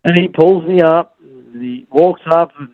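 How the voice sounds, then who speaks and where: A man's voice: a little high, a little slow, phone-quality sound. An Australian man, a motorcycle racer and podcast guest, telling rambling stories with plenty of restarts and acting out what other people said. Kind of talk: casual storytelling on a podcast.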